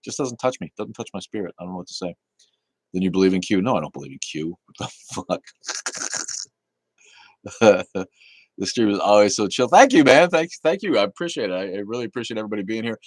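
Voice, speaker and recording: A man's voice: on the low side, fast talker, long pauses, dry recording. A man hosting a casual livestream, reading chat aloud in a laid-back, easygoing way, cursing casually and laughing often.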